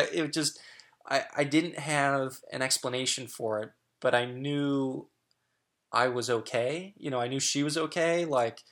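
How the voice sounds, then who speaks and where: A man's voice: mid-range voice, unhurried, a bit bright. A middle-aged man sharing candid personal stories as a guest, frank and chatty with lots of fillers and restarts.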